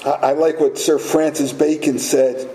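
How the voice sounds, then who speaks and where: A man's voice: on the high side, level tone, a little slow, dark tone, slight background noise. A man preaching a sermon as pastor, emphatic and fond of rhetorical questions. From United States. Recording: roomy echo, faint ambience.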